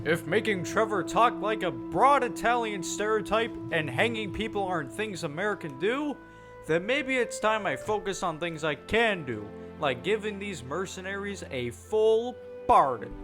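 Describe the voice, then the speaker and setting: A man's voice: high-pitched, animated, moderate pace, over music. A man playing a bumbling, stammering mayor. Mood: flustered. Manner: flustered, stammering. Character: bumbling small-town male mayor. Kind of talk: amateur fan dub.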